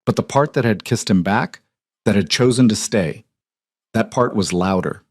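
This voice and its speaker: A man narrating a romance audiobook in calm, measured scripted narration. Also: lowish voice, dry recording, clean studio sound.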